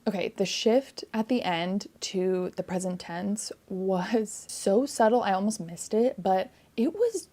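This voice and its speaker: A woman's voice: mid-range voice, animated, unhurried, few pauses, dark tone. A woman reviewing a novel in a casual vlog, earnest and reflective, often saying "like". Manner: earnest and reflective, heavy use of "like". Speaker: book reviewer.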